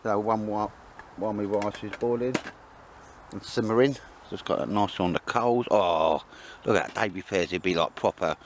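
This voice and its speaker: Low-voiced chatty man outdoors. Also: moderate pace, noisy background. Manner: chatty and bantering, rambling asides with tag questions. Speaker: outdoor cooking vlogger. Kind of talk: casual chat to camera. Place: outdoors in woodland.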